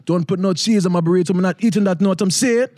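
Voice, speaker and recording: A man's voice: high-pitched, fast talker, a little mellow, dry recording, clean studio sound, close to an everyday voice. A man putting on a Jamaican accent to play a boisterous man ordering at a drive-thru. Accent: Jamaican, put on.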